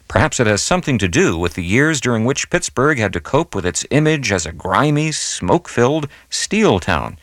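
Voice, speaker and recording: A man hosting a classical music radio program, reading his script in a measured way and going slowly over details. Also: lowish voice, a bit bright, no room sound. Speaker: radio host.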